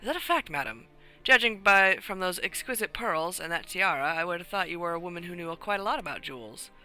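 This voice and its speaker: Courteous probing inspector for a mystery game, read by a streamer, formal phrasing, bright tone. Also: mid-range voice, lively intonation, a little fast, faint music behind. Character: polite, probing detective inspector.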